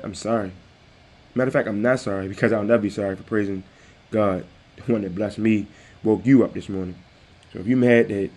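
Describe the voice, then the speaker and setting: A man hosts a podcast in a personal tribute monologue. His voice is low and mellow, and he speaks with a heartfelt, repetitive, preacher-like cadence. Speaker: podcast host.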